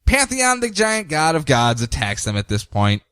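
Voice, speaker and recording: A man co-hosting a podcast, casually recapping comic book stories in an animated way and slipping into quick character voices. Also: fairly high pitch, clean tone, no room sound, clean studio sound, faint music behind. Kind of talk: casual chat.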